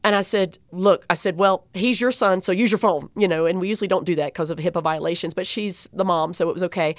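Woman guest, animated storyteller, gets choked up, dry close sound. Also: fairly low pitch, quick pace, no echo. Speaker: guest speaker. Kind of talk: storytelling interview.

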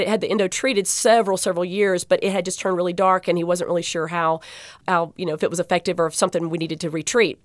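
A woman who works as a dental assistant, telling a personal patient story in an interview, heartfelt and animated, with many fillers and restarts. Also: medium pitch, no room sound, clean studio sound.

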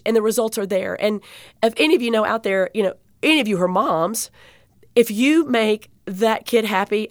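Woman guest, animated storyteller, gets choked up, dry close sound. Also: fairly high pitch, dry recording. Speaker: guest speaker. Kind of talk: storytelling interview.

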